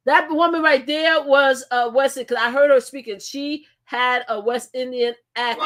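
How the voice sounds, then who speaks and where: An older woman hosting a livestream and reacting to clips. She speaks emphatically, repeats her points and exclaims loudly at what she sees. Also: on the high side, expressive, normal speed. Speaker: livestream host.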